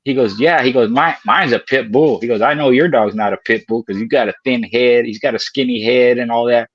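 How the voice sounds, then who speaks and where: A man's voice: mid-range voice, brisk, no room sound. Folksy older man, dry lo-fi sound. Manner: folksy, laughing storyteller. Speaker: podcast co-host. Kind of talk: casual storytelling chat.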